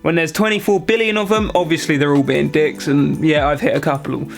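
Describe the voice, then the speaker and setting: A young British man in a vlog, ranting to camera in an animated, exaggerated way with mock outrage. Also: fairly high pitch, fairly quick, vocal fry, faint music behind. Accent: British English. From Britain. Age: young adult. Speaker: vlogger. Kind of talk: comedic rant to camera.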